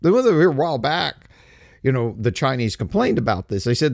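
A man's voice: mid-range voice, very animated, a little fast, vocal fry, darkish tone, dry recording, studio quality. A man giving a casual, sarcastic political rant and mocking others' voices. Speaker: political commentator. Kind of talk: casual opinion monologue.

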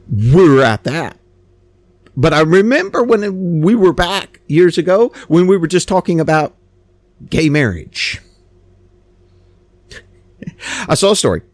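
A man's voice: mid-range voice, dry recording. A man giving a rambling, sarcastic opinion monologue, stammering and repeating himself. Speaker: commentator.

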